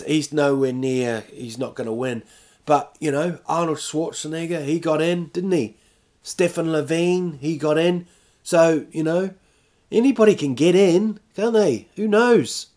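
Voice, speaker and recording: A man's voice: a little high, a little mellow. Rambling man chatting. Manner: rambling, self-mocking, acts out quotes. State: recovering from illness. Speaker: podcast host. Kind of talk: casual chat. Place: at home.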